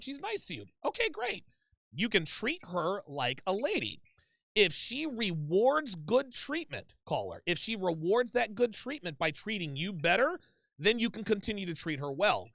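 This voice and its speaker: Blunt male host, high voice, gravelly, swears a lot, swings up and down, dry sound. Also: pushed and bright, no echo. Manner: blunt, profane, emphatic. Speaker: host taking calls. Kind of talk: call-in advice show.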